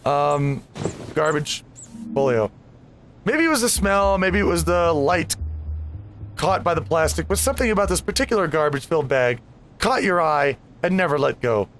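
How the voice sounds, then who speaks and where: A man's voice: fairly high pitch, lively intonation, moderate pace, a bit bright, faint music behind. A man hosting a casual let's play, rambling and easily distracted with chatty asides. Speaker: gaming video host.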